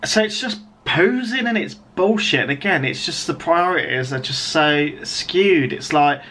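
A man in his thirties with an English accent rants through a video commentary, sarcastic and exasperated as he rambles from point to point. His voice sits a little on the high side. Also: expressive, a little slow, hardly any pauses, pushed and bright, a little hiss or hum. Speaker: writer vlogger.

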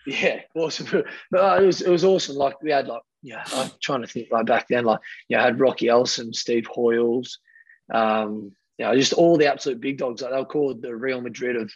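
A man's voice: mid-range voice, fairly quick, breathy edge, no room sound, dull audio. An Australian man in his thirties, a rugby player, telling stories casually with lots of fillers and acted-out quotes. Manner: rambling, animated, lots of fillers, acts out quotes. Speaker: guest, professional rugby player. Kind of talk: casual storytelling.

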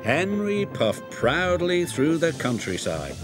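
Lively, slow British storyteller man. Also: mid-range voice. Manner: gentle, expressive storytelling. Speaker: narrator. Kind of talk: scripted children's storybook narration. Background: music.

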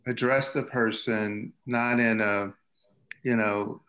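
A man taking part in a church class discussion. He speaks gently and thoughtfully and often pauses to fill with small words. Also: lowish voice, fairly even intonation, rough recording. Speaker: class participant. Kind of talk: casual chat.

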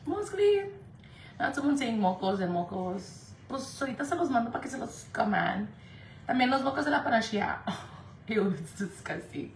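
Woman, casual livestream, chatty, profane, switches into Spanish, echoey room, faint hiss. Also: fairly high pitch. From Indio, California. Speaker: makeup livestreamer.

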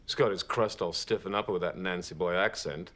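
A man's voice: low-pitched, fairly quick, a bit bright. An actor with an English accent playing a sardonic, sneering young Englishman in a TV drama. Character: sneering brash young Englishman, amnesiac vampire. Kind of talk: TV drama acting.

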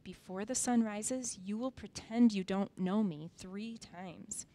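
A woman reading the part of a gentle male spiritual teacher aloud to children, in a soft, simple storybook manner. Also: mid-range voice, slow. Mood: gentle, solemn.

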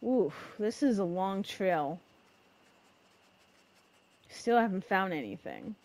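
A young woman giving emotional, dramatic let's-play commentary in casual slang, reacting loudly to what happens in the game. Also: medium pitch, expressive, slow pace. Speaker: gamer.

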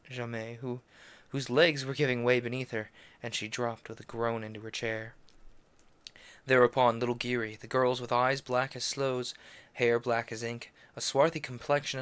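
A man of medium pitch, clear and resonant with a slightly bright tone, narrates a classic novel casually on a stream. He keeps tangling with French names, then corrects himself and adds quick offhand asides between passages.

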